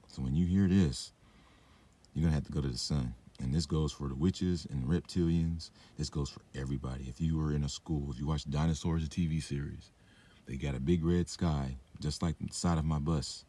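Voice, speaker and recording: Brief: young man, deep dark husky voice, meandering profane rant, lots of "like" and "uh", talks while drinking and smoking. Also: steady tone, a little fast. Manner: meandering, profane, filler-heavy. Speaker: vlogger. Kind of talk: rambling monologue rant.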